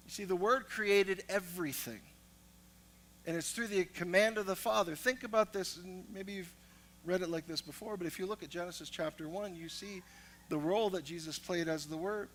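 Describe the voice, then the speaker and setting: A man delivers a sermon in a high, bright voice. He shifts between personal storytelling and emphatic, building teaching, like a pastor working his congregation. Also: moderate pace, rough recording.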